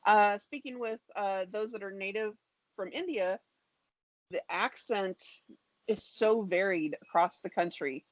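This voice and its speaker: A woman in her fifties with an American accent, calmly explaining things as a guest on a video call. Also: medium pitch, unhurried, no echo, rough recording. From United States. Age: 50s. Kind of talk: casual conversation on a video call.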